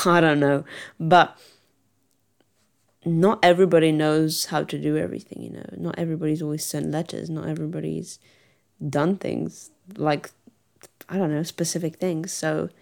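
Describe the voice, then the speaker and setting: Young woman, casual vlog chat, rambling, frequent laughs, slightly low voice. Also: fairly even intonation, moderate pace, creaky, long pauses. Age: young adult. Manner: chatty, rambling, self-reassuring, laughs often. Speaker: vlogger.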